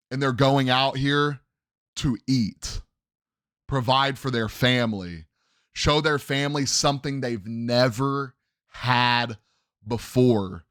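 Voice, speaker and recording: A man's voice: mid-range voice, no echo, studio quality. A man hosting a solo sports podcast, emphatic and opinionated, often calling out to his listeners. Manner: emphatic, opinionated, addresses "ladies and gentlemen". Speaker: podcast host.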